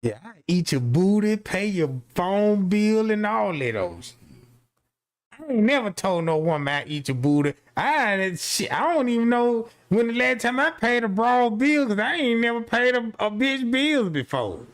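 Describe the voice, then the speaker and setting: A man's voice: high-pitched, sing-song, moderate pace. A man telling a rambling, profane comic story in slangy street talk, full of fillers like "you know what I'm saying".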